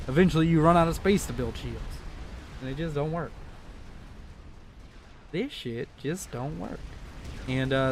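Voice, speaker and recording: A young man casting a strategy video game, excitable and joking, swearing freely as he reacts to the action. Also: a little high, slight background noise. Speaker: game caster. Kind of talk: casual profane game commentary.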